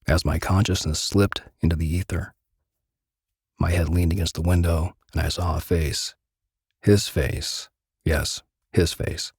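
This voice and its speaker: Man, dramatic story reading, gritty measured narration, husky voice, dry sound. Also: low voice, a little mellow, dry recording.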